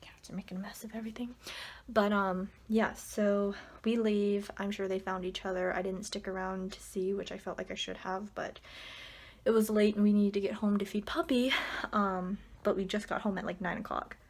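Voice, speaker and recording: A woman's voice: mid-range voice, moderate pace. Chatty young woman telling a story. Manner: chatty, frequent "like" fillers, animated quoted dialogue. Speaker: vlogger. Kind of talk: casual storytelling vlog. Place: home, indoors, at night.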